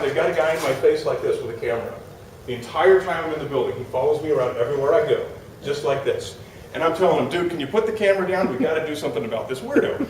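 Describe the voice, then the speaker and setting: An animated man tells a comic story to a live audience, voicing the people in it. His mid-range voice rings through a roomy hall, picked up from a little way off the mic with a faint hiss behind it. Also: a little high, distant mic. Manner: animated, acts out quotes, laughs while telling. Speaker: storyteller on stage.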